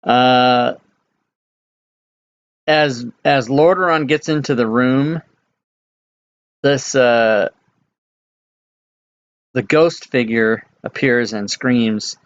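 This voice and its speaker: Laid-back male dungeon master, lo-fi mic. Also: mid-range voice. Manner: relaxed, halting narration with many fillers. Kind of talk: running a tabletop game over voice chat. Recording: dull lo-fi mic.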